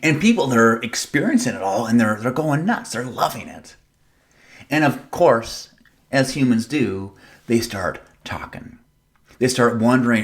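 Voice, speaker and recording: A man's voice: mid-range voice, expressive, normal speed. Casual conversational male pastor preaching. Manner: playful, dramatic retelling. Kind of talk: sermon.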